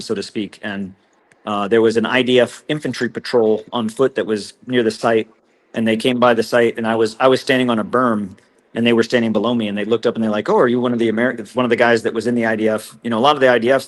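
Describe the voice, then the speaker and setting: A man, recounting what he witnessed as a guest in an interview, earnest and halting with frequent restarts. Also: mid-range voice. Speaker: whistleblower guest.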